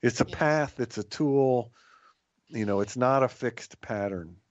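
A man co-hosting a reflective spiritual talk about recovery, speaking in a thoughtful, measured way with some restarts. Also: medium pitch, no room sound, muffled recording. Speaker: podcast co-host in recovery.

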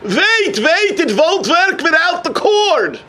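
A man voicing a kind elderly rabbi in a wheelchair, calling out eagerly in a high voice. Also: very animated, takes it slowly, sharp tone, exaggerated voice.

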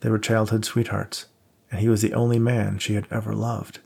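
A man narrating an audiobook in a steady storytelling manner. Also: lowish voice, fairly quick, gravelly, husky. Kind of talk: scripted narration.

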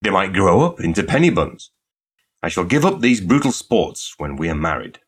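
A young storybook suitor with a precise, deadpan manner and whimsical gravity. A male reader plays him close to his own voice, low and slightly husky. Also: moderate pace, full character voice. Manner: precise, dry. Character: grave, whimsical red-haired young man.

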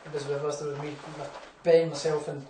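A man's voice: a little high, level tone, brisk, mellow, far from the mic. A young Scottish man, a boxer, telling rambling anecdotes in a casual interview, full of fillers and laughs. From Scotland. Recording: echoey room, off-mic, faint hum.

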